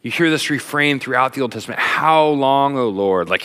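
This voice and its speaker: A middle-aged man giving a sermon in a casual, animated way with lots of fillers, a father. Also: medium pitch, normal speed, hardly any pauses, smooth. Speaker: pastor. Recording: long hall reverb.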